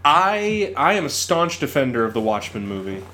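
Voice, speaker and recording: A man's voice: medium pitch, normal speed, a little hiss or hum. A man co-hosting a casual podcast, talking about films with enthusiasm. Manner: enthusiastic, animated film talk. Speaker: podcast co-host. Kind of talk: casual chat.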